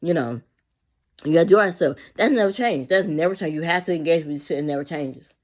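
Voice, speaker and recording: A woman's voice: sits low, fast. A woman who works with young children, venting in a rambling, profane way and repeating herself as she tells a story about work. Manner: acts out quotes of coworkers. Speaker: childcare worker. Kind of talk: casual venting monologue.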